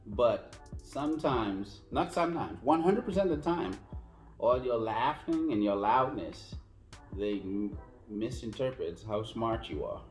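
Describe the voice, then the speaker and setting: A man co-hosting a casual podcast about dating, telling stories in an animated way and acting out both sides of the talk. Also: mid-range voice, measured pace, roomy sound, faint music behind. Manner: animated storyteller who mimics both sides. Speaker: podcast co-host.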